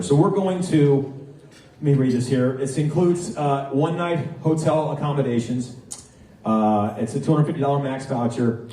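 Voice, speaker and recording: A man running a live charity auction, joking with the crowd and calling bids quickly. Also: mid-range voice, dark tone. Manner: joking, chatty, rapid bid calling. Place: large banquet hall. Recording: very echoey, distant from mic.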